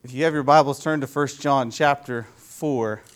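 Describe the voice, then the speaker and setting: Speaking at normal speed with a medium-pitched male voice, a youth pastor preaches an easygoing, conversational sermon in church. He regularly poses questions to the congregation.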